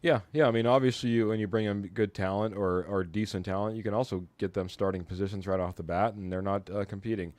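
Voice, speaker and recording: Male host, casual sports talk, lowish voice, dry close sound. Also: steady tone, fast, few pauses, darkish tone, no room sound. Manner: chatty, steers the talk.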